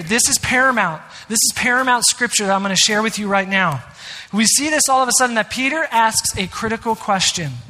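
Man preaching, emphatic, conversational, sharp tone, reverberant sanctuary. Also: high-pitched. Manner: earnest, emphatic, with conversational asides. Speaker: pastor. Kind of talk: sermon. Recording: reverberant hall.

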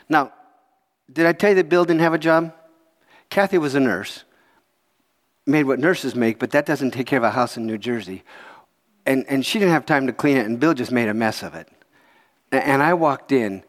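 A man preaches in an animated, joking way and tosses asides to his congregation. His voice is high. The sound carries a long reverb from a church hall. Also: moderate pace, long pauses. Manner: animated, jokey, chuckles to the crowd. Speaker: pastor. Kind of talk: storytelling sermon.

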